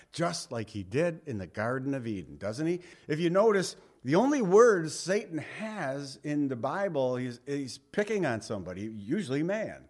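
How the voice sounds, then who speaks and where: Conversational man preaching with a folksy ease. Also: on the high side. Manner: conversational Bible teaching with folksy asides and jokes; reads scripture aloud in King James wording. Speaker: pastor. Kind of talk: sermon.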